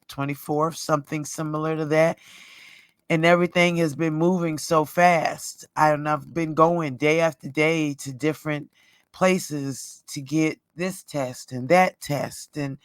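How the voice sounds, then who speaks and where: A man vlogger telling his personal story in a chatty, unhurried way, with plenty of fillers along the way. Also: on the high side, a bit bright, clean tone, dry recording.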